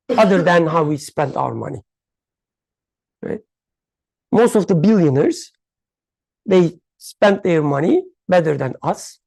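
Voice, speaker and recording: In a faith study circle, a speaker explains a hadith in a halting, reflective way, searching for words and using uneven English grammar. The voice is medium-pitched, creaky, and warm, and the recording is dry.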